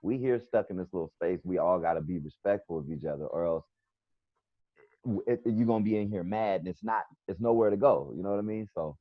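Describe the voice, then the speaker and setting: A man's voice: low voice, dry recording. A middle-aged man with a New York accent, telling a rambling story as a comedian guest on a video call. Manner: rambling, storytelling with quoted back-and-forth. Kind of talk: casual video-call chat. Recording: dull lo-fi video call audio.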